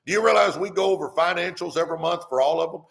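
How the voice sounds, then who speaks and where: A man's voice: fairly high pitch, rapid-fire, vocal fry, a bit bright. A middle-aged man, hosting a live stream and preaching money advice in a fired-up way that keeps repeating "come on". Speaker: host.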